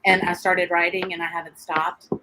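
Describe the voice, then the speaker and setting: A woman, a guest sharing her faith testimony in an interview, animated and quick to laugh as she acts out what people said. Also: lowish voice, a little hiss or hum, low-quality recording. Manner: animated storyteller, laughs often, acts out quotes.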